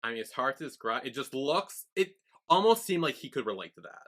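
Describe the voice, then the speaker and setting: A man's voice: medium pitch, big pitch swings, a little fast, a bit bright. A man co-hosting a podcast, chatting casually as he recaps a TV episode scene by scene and acts out the characters' lines. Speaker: podcast co-host.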